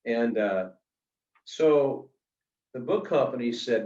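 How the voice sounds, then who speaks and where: A middle-aged man telling anecdotes in a casual, animated way, full of fillers, as an author being interviewed. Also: medium pitch, measured pace. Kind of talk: casual storytelling. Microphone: video call. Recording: roomy, distant, dull video call audio.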